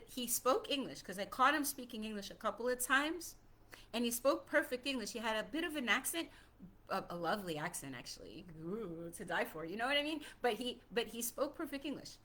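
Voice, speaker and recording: A woman telling a personal childhood story in an animated, conversational way, often repeating herself for emphasis. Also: fairly high pitch. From Puerto Rico.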